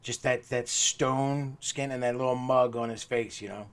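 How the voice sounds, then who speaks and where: Chill nerdy dude on a podcast, regular middle voice, tossing in side comments. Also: male voice, mid-range voice, normal speed, clean tone. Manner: relaxed, nerdy, chatty asides. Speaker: podcast co-host. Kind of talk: casual book discussion.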